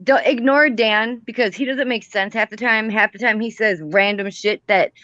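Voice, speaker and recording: A woman's voice: on the high side, normal speed, pushed and bright, no echo, highs cut off. A woman hosting a casual livestream chat, rambling with many fillers and restarts. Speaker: livestream host.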